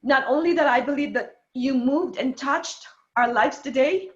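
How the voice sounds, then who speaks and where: A woman's voice: high voice, normal speed, dull audio. A woman hosting a live online show and closing it with effusive, emotional thanks. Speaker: show host and author.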